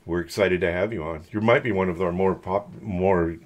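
A man's voice: deep voice, steady tone, normal speed, crowd noise. Laid-back Californian man hosting. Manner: loose, joking, rambling. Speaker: podcast host. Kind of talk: casual podcast hosting.

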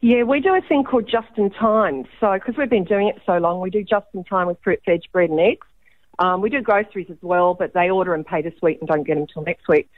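A woman's voice: on the low side, brisk, no room sound. An Australian woman speaks as a guest on a radio show, explaining things in a loose, chatty way full of ums. Her voice comes down a dull, muffled phone line with no room around it. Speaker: guest, food co-op founder. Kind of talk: radio interview.

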